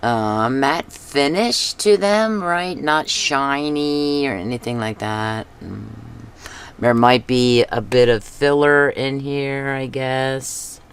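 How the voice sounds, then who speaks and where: A woman hosting a craft video, chatting casually as she paints, thinking aloud and talking to herself with soft chuckles. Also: very deep voice, slow pace, clean tone. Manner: soft chuckles between remarks.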